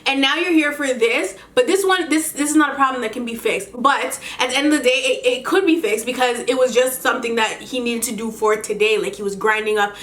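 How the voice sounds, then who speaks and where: A woman vlogger telling a story in an animated, indignant way, often breaking into laughter. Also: fairly high pitch, fairly quick, hardly any pauses. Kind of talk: storytime vlog. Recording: echoey room.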